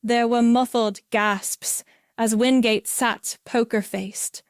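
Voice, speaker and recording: A woman reading a mystery story aloud in a clear, measured narration. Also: fairly high pitch, steady tone, no room sound, clean studio sound. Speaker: audiobook reader.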